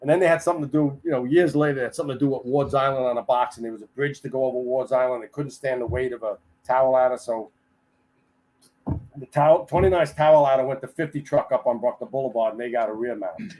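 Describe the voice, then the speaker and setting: An older man, a retired firefighter, telling stories as a guest in a casual podcast interview, animated and chatty and acting out the people in them. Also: mid-range voice, fast talker, rough recording. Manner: animated storyteller who acts out the people he quotes; chatty, with frequent restarts.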